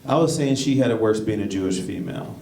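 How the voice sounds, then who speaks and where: A man working a stand-up comedy set with a lowish, gravelly voice, rambling, correcting himself, and jumping into sudden high-pitched bursts. He is recorded from a distance in an echoey club, with the room's noise and audience laughter underneath. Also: lively intonation, fast talker, a little mellow. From United States.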